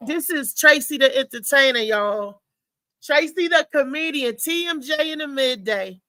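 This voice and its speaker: A woman's voice: sits high, animated, unhurried, sharp tone, no echo, rough recording. A woman hosting a live show, chatting loosely and talking straight to her viewers. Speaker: host. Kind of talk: casual live show chat.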